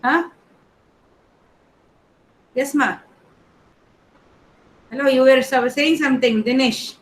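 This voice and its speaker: A woman teacher, calling the roll in an online class in a brisk, matter-of-fact way. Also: high voice, poor audio. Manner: reads names one by one in a brisk, matter-of-fact way.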